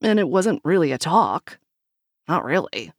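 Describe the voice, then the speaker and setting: A woman's voice: deep voice, very animated, a little slow, no room sound, studio quality, heavily acted. A woman voicing an earnest, frustrated husband in an audiobook, speaking in a pleading, insistent tone. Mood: defensive. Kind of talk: audiobook character reading.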